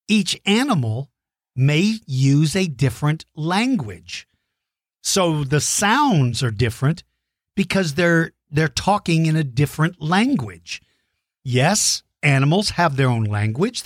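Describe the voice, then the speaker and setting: Middle-aged male kids' show host, enthusiastic and encouraging, slightly high, dry close mic. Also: no room sound. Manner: enthusiastic, encouraging, explains simply. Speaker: host answering kids' dinosaur questions. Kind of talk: friendly kids' show chat.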